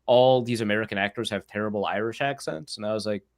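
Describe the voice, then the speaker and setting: A man's voice: fairly low pitch, fast. A man who writes about football, chatting casually on a podcast and telling a story with lots of acted-out dialogue. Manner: animated storyteller, acts out quoted dialogue.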